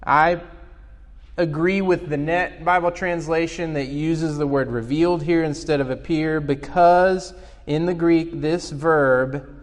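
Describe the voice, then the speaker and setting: Slow, earnest preacher in a hall. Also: male voice, a little high, fairly even intonation. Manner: earnest, explanatory, asks the congregation questions. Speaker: pastor. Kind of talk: sermon.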